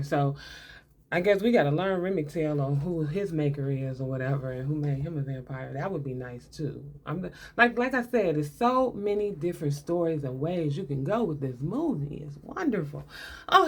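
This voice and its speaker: A woman talks through a movie in a loose, chatty way, with a sarcastic edge and plenty of laughter. Her voice sits on the lower side, and she keeps things casual and colloquial. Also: brisk, a little mellow. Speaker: movie commentator.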